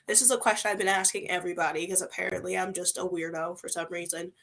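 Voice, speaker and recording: A young woman hosting a casual interview, chatty and animated, with lots of filler words. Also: on the low side, fast, creaky. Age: young adult. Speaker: podcast host interviewing a student.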